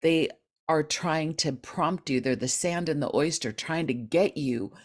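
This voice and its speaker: A woman host with a low-pitched voice speaks effusively and affirmingly to her guest. Her podcast interview talk grows animated when she acts out inner voices. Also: unhurried.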